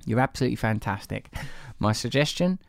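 Gravelly, rambling podcast host. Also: male voice, mid-range voice, expressive, fairly quick, dry recording, clean studio sound. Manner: rambling, playful and chatty. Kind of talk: casual chat reading listener emails.

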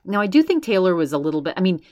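Low-voiced woman recapping a podcast. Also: sing-song, rapid-fire, darkish tone, dry recording, highs cut off. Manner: retells others' words with constant "she's like". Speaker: podcast host. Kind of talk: casual recap chat.

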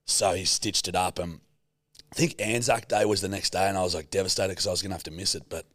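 A man's voice: low voice, steady tone, fast talker, a bit bright, dry recording, studio quality. A young Australian man in casual podcast chat, telling a story in a laid-back way and swearing often. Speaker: podcast co-host.

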